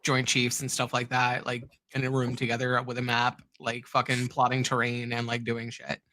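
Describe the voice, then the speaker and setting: A man's voice: mid-range voice, completely flat delivery, normal speed, bright, forceful tone, no room sound. An American man in casual political chat, explaining confidently with some profanity. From United States.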